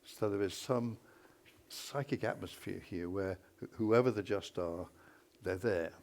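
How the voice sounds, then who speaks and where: A man moderating a literary panel, thinking aloud and animated as he talks through a poem. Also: fairly low pitch, a little slow. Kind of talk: panel discussion.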